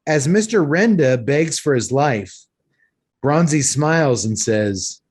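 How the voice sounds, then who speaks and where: A man hosting a podcast and recapping an action movie in lively, sweary casual chat, a little tipsy from several beers. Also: a little high, slow pace, slightly rough. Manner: animated, sweary storytelling recap. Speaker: podcast host recapping a film.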